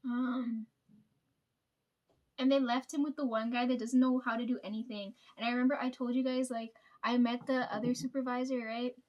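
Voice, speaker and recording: A woman's voice: on the high side, flat delivery, normal speed, dull audio. A woman chatting casually, telling work stories with lots of fillers, swearing and laughs. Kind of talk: casual storytime chat.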